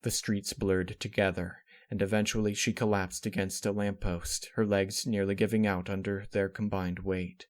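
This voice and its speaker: A man narrating a dark fan fiction story in a steady, somber reading voice. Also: on the low side, normal speed, hardly any pauses.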